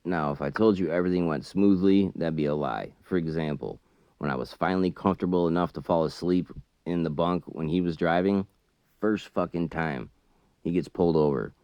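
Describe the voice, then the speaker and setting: Very low male voice, dry close mic; blunt, profane trucker storyteller who gets loud. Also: a little fast, no echo, muffled recording. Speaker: trucker and chess channel host. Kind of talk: casual storytelling over a chess game.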